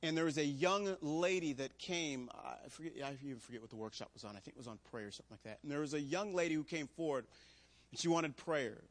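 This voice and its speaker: A man, a pastor, preaching a sermon to a room, moving between loud emphatic preaching and quiet storytelling. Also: on the high side, animated, fast talker. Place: church room.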